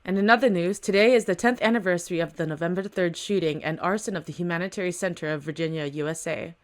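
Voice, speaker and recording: A woman reading a webtoon aloud, voicing a TV news reader with a quick, flat delivery. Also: on the low side, natural voice. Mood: newsy. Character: fast, even news reader on TV.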